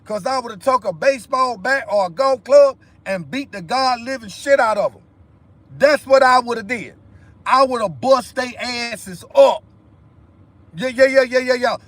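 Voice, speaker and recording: A man's voice: very high-pitched, moderate pace, a bit bright, no echo. A man ranting heatedly on a livestream, repeating himself with profanity. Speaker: livestream host. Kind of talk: angry livestream rant.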